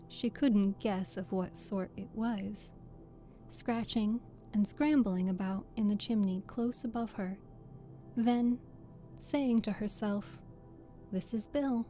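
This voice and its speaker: Slow, mellow woman reading a storybook. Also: mid-range voice. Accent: Southern US. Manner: gentle, unhurried storytelling. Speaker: audiobook reader.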